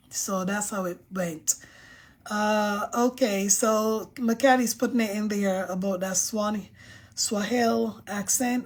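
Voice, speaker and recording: A woman hosting a casual live stream, reading viewer comments aloud and giving her emphatic, outspoken opinions. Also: medium pitch.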